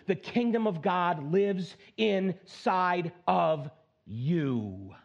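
A man preaching a sermon as pastor, emphatic, swinging from high exclaims down to low, slow stresses, with playful asides. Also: expressive, vocal fry, dull audio. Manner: playful asides, mock self-talk.

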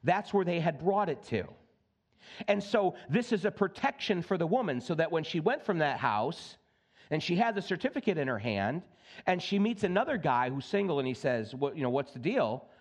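A male pastor delivers a sermon with a voice that sits a bit high and moves freely across its range. He is animated, switching quickly between earnest teaching and playful asides. He speaks through a church sound system.

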